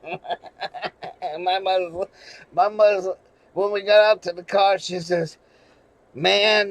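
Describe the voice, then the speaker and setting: High-voiced male host, casual profane storyteller, lots of laughs and restarts, dry close mic. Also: no echo, poor audio. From New England. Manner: rambling, profane, laughing often, with many restarts. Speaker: channel host.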